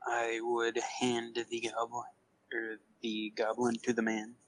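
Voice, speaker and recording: A man's voice: mid-range voice, monotone, a little slow, poor audio. A man playing as a guest in a tabletop game, speaking in a matter-of-fact way. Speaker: guest player. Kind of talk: tabletop role-play.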